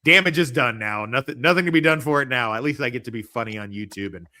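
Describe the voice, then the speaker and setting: A man's voice: medium pitch, fast talker, sharp tone. Profane joking man hosting a stream. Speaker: podcast host. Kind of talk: casual livestream chat.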